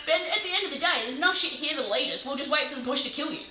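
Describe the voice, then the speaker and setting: A woman's voice: high-pitched, expressive, very fast, reverberant, music in the background, rough recording. An Australian woman chatting casually on a live stream while painting, laughing often and swearing playfully. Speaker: livestreaming miniature painter. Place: room alone.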